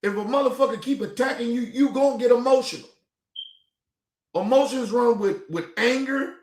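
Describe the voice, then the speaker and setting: A man hosting a stream, reacting to a clip in a heated, profane rant full of repetition. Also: very high-pitched. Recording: echoey room.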